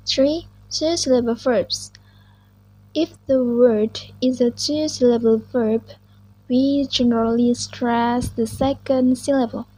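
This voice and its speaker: Slow-reading young woman. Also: a little high, steady tone, dark tone, rough recording. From Indonesia. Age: young adult. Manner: slow, careful reading with small restarts. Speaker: student presenter. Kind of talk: reading a class presentation.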